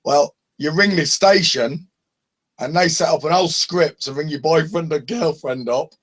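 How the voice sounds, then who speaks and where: A man with a Northern English accent telling lively anecdotes in a casual open mic video call, laughing and swearing freely. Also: fairly high pitch, unhurried. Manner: animated storyteller, laughs often, swears. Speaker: open mic hangout participant.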